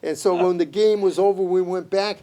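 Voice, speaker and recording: A man with a Boston accent, a guest telling stories in a lively, animated way in casual chat. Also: sits high, brisk.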